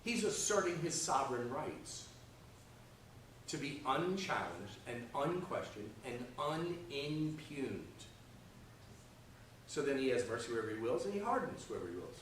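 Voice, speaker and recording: In an echoey church classroom, a man teaches a Sunday school Bible lesson, his plain, mid-pitched voice a bit bright and very animated yet unhurried. He keeps things conversational, often checking in with "okay?" and "right?". The mic sits far from him and there's slight background noise.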